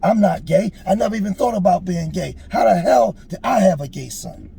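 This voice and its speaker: A man's voice: on the high side, steady tone, a little fast, gravelly, mellow, slight background noise. A man voicing his distraught friend, a father torn over his son, speaking in pleading, anguished outbursts.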